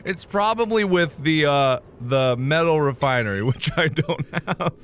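An excitable man commentating his own gameplay, his voice leaping up and down. He talks slowly and deliberately, with a bright, forceful tone, and moves between loud squeals and muttered asides. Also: on the high side, slight background noise. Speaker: gaming channel host. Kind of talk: let's play commentary.

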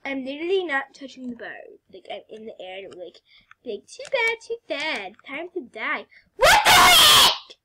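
Excitable high-voiced young woman gamer. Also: moderate pace, raised voice, background noise. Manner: excitable, swings between whispers and squeals. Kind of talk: casual gameplay commentary.

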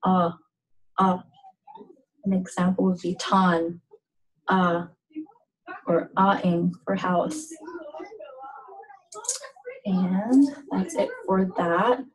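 A woman explains sounds and words in an informal language lesson. She talks at an unhurried, deliberate pace, pausing often and filling gaps with ums. Her voice sits at an ordinary middle pitch. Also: fairly even intonation, darkish tone, low-quality recording. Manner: slow, halting, with many fillers. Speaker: language teacher.

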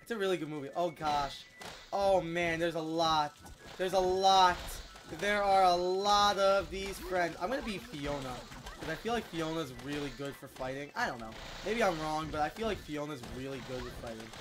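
A gameplay YouTuber giving casual let's-play commentary in an excitable, chatty way, quick to exclaim. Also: mid-range voice, background noise.

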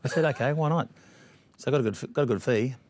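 A man's voice: mid-range voice, fast, darkish tone. A middle-aged Australian man, a guest, telling brash and bawdy anecdotes in chat. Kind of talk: storytelling chat.

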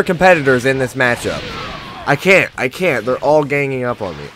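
Male let's play host, animated, chatty, prone to frustrated yelling. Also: mid-range voice, moderate pace, faint music behind. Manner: excitable, swings from chatty to loud frustrated outbursts. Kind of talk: casual gameplay commentary.

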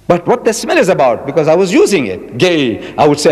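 Old guy in his 70s lecturing, swoopy animated voice, hammers words home, hall echo. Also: fairly high pitch, slightly rough. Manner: emphatic, repeats key words, drawls quotations slowly. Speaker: religious lecturer. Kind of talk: public lecture.

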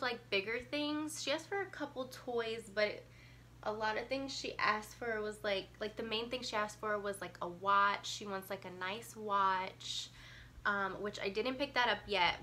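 Congested, breathless young mom vlogger. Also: female voice, medium pitch, sharp tone, slight background noise. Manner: chatty, lots of ums and likes. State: congested, getting over a cold. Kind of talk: casual chat to camera.

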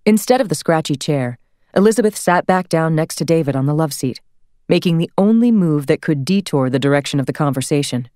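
A woman narrating an audiobook in a measured, expressive reading. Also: deep voice, no room sound, studio quality. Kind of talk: scripted narration.

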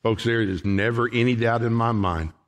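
A middle-aged man preaching a sermon in a church, folksy, calling the congregation folks, swinging from shouted lines to quiet ones. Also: mid-range voice, normal speed. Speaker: pastor. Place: church sanctuary.

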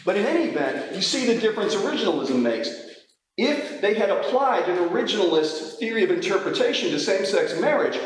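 A man's voice: sits high, very animated, a little fast, a little hiss or hum. Male lecturer, talks in restarts and asides; far-off mic in a big echoey hall. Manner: discursive, thinking aloud with many restarts. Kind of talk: university lecture.

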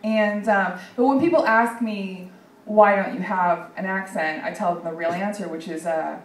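A young woman from Texas doing a sarcastic, deadpan stand-up set at a comedy club, with plenty of ums and likes. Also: mid-range voice, normal speed. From Dallas, Texas. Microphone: handheld stage mic. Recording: echoey room from far off.

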